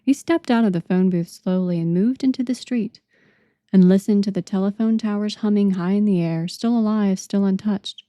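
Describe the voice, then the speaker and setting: A woman narrating an audiobook in a measured, dramatic way. Her voice is dark and mellow. The recording is dry and close, with no room sound. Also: medium pitch, dry recording.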